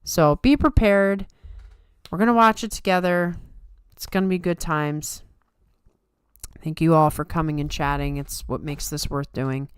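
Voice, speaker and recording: A woman's voice: deep voice, steady tone, measured pace, smooth, dry recording. A tired woman hosting a livestream, chatting casually and answering comments from her viewers. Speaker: livestream host.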